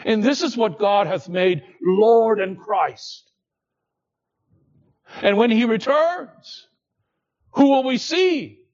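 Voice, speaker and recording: Deliberate high-voiced male preacher. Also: expressive, dull audio. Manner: deliberate, swings between hushed low tones and raised emphatic lines. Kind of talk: expository sermon.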